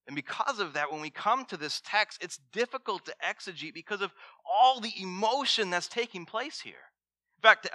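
A man preaching a sermon as pastor, swinging between loud emphasis and hushed words and asking the congregation direct questions. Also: a little high, dry recording, studio quality.

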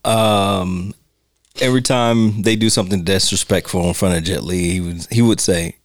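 A man's voice: low voice, fairly even intonation, moderate pace, no echo. A man co-hosting a casual film commentary podcast, recounting scenes and quoting lines. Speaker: podcast co-host.

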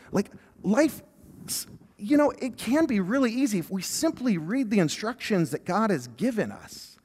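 Man, 30s, youth pastor, high voice, jokey storytelling sermon, reverberant hall sound. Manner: lively storytelling, self-deprecating humor. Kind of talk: sermon with personal stories.

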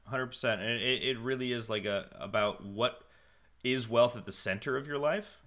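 A man's voice: mid-range voice, normal speed, a bit bright. A man hosting a faith podcast, chatting earnestly with jokey asides and reading out listener questions. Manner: earnest and chatty, joking asides, lots of "like" and "I mean". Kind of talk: casual podcast chat.

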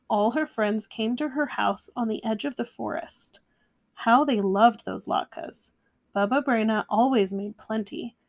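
A woman reading a children's picture book aloud in a gentle, measured way. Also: a little high. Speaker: storyteller. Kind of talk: storybook read-aloud.

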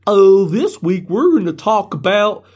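A man putting on the voice of a goofy, dim podcast host, high and strained, giggling between lines. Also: sing-song, a little mellow, breathy edge, exaggerated voice. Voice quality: high, strained, drawn-out delivery.

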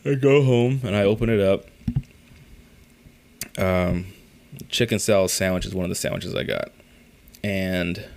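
A man's voice: low-pitched, vocal fry. A man hosting a casual solo podcast, telling profane, rambling, exasperated stories about his week. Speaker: podcast host.

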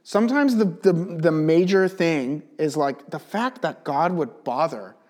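Male Bible teacher, pitched a touch high, chatty and animated testimony style. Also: unhurried. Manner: animated storyteller, chatty with many "like" fillers. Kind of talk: casual teaching with personal testimony.

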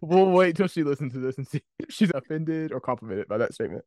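A man's voice: on the high side, animated, fast, a little mellow, no room sound, studio quality. A man co-hosting a casual podcast chat over a call, teasing and a bit sassy. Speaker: podcast co-host. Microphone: remote call mic.

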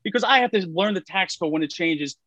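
A man's voice: high voice, expressive, fairly quick, bright, forceful tone, dry recording, poor audio. A man who works in taxes explains tax brackets in casual chat, with many fillers like "uh" and "like". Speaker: tax professional guest.

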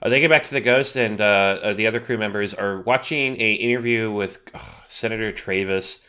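A man's voice: lowish voice, fairly quick, pushed and bright, clean tone. A man co-hosting a podcast in casual chat, bantering with jokes and plenty of swearing. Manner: joking, profane banter. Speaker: podcast co-host.

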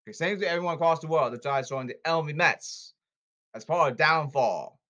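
With a sharp tone on the high side, a man speaks a little fast in an angry ranting monologue to the camera, full of repetitive, emphatic outbursts. The highs in the recording are cut off.

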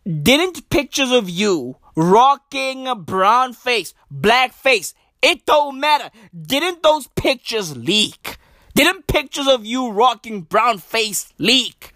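A young man with street rants in a bright, lively voice that leaps up and down in pitch. He takes his time, leaning on each profane punchline, heard dry and close. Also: slow pace, no room sound. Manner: animated, profane slang-heavy ranting with mock impressions. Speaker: comedic commentator. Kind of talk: profane comedic rant.

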